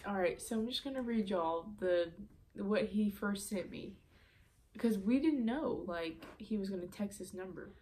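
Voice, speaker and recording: A woman's voice: mid-range voice, a little slow, darkish tone. A teenage girl telling a story on her vlog in a chatty way, full of "um" and "like". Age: late teens. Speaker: vlogger.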